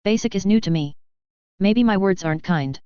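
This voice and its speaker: A woman voicing a terse, masked young woman who speaks in stilted, halting phrases, read as a fan fiction audiobook. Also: medium pitch, mellow, smooth, no echo, highs cut off, close to an everyday voice. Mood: calm, measured.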